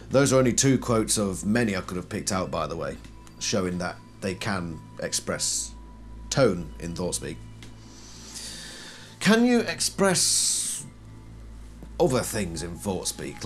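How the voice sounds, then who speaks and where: A man giving a casual explanatory commentary, posing questions and then answering them himself. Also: lowish voice. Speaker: video essayist.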